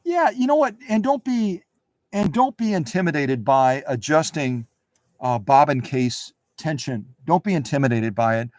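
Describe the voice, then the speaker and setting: A man's voice: on the high side, lively intonation, normal speed, no echo, studio quality. A man hosting a live sewing machine demonstration, chatting with viewers in a folksy, instructive way.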